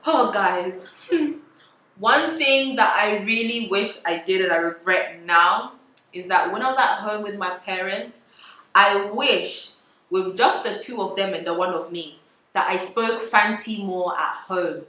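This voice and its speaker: A woman's voice: mid-range voice, measured pace, bright, forceful tone, roomy sound, low-quality recording. A woman, chatting casually and confessionally to camera as a vlogger, laughing often. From England. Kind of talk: casual vlog talk to camera.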